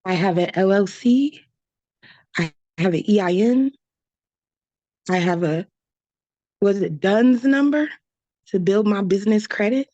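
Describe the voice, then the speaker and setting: A woman talking as a guest in a relaxed conversation, chatty and full of casual fillers. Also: mid-range voice, a little slow, pauses often, no room sound, dull audio. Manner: chatty, full of "like" and "you know".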